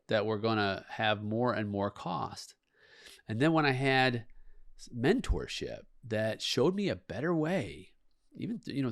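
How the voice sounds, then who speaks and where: A man's voice: mid-range voice, no room sound, studio quality. A middle-aged man hosting a leadership podcast, speaking earnestly and often repeating words for emphasis. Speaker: podcast host, leadership coach. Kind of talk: motivational talk.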